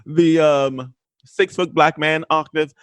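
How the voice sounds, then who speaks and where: A man's voice: a little high, slow, clear, resonant tone, no room sound. A man telling a story in casual chat as a guest, acting out the quotes. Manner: animated storyteller, acts out quotes. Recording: remote video call.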